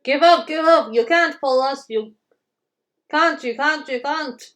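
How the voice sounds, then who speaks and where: A woman's voice: high-pitched, measured pace, fairly bright tone, voice pushed up. A woman doing jeering sing-song trucks. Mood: taunting. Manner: taunting sing-song chant. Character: rude jeering goods trucks.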